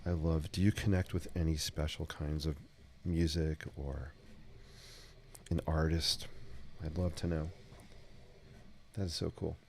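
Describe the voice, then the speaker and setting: An artist live-streaming a sketch session chats casually with his viewers, his voice low, gravelly and darkish with a steady tone. He's unhurried, pauses often, and stays upbeat while drawing in his home art studio, where a running 3D printer adds faint machine noise.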